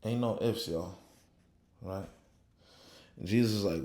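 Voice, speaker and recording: Slow, low-voiced man preaching belief. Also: a little mellow. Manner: tags nearly every phrase with "right?"; unhurried and reflective, growing fervent when preaching. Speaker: motivational speaker. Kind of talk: casual motivational talk. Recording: echoey room.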